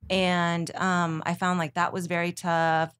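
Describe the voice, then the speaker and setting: A woman with a fairly low voice who works as a TV news anchor. She chats as a guest, explaining things fluently and at length. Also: flat delivery, unhurried, fairly bright tone, clear, resonant tone. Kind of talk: casual interview chat.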